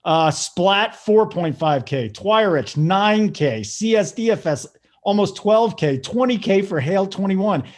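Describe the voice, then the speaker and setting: A man hosting a casual sports betting show, hyped and joking as he gives shout-outs. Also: high voice, expressive, unhurried. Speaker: show host.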